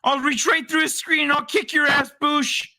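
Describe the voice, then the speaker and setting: A man mimicking a blustering online tough guy who shouts threats and keeps saying "oh jeez". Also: extremely high pitch, little pitch movement, normal speed, pitched above the performer's own voice, exaggerated voice. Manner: shouting, huffy, repeats "oh jeez".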